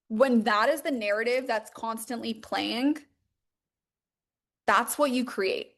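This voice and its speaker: A young woman coaching her listeners in a loose, emphatic podcast monologue. She leans on fillers and swears freely for emphasis, and her voice sits a little high. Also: normal speed, pauses often, fairly bright tone. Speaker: podcast host, mindset coach. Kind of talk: motivational monologue.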